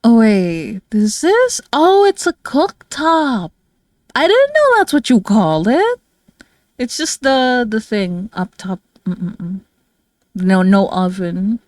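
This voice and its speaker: A tired, low-energy woman from the Philippines chatting casually with her viewers as a streamer, rambling with many fillers and soft laughs. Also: sing-song, slow pace, no room sound, clean studio sound. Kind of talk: casual livestream chat with viewers.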